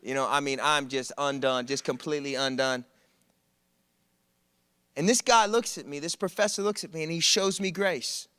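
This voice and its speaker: A man preaching a sermon, telling stories in an animated, conversational way with humor. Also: a little high, normal speed, smooth, no echo. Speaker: preacher at a college ministry. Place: church service.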